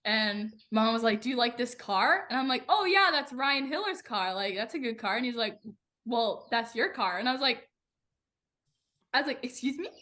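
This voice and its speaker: A young woman guest on a racing podcast, chatting in a bubbly, animated way full of "like" fillers. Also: a little high, moderate pace. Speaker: guest racer. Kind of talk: casual podcast chat.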